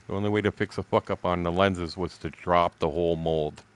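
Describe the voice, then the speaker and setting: A man in his sixties rambles through stories while streaming a game, blunt and swearing constantly, laughing between remarks. His voice is deep and clean, steady in tone and brisk in pace.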